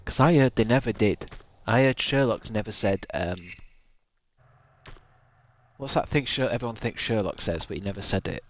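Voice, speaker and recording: A man's voice: on the low side, normal speed, a little hiss or hum. A man chatting casually while streaming a game, swearing freely and laughing often. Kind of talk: casual gaming stream chat.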